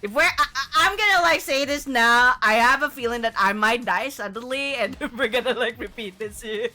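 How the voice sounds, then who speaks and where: A woman streamer giving live gameplay commentary, excitable, laughing and swearing as she plays. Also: fairly high pitch, moderate pace, soft background music.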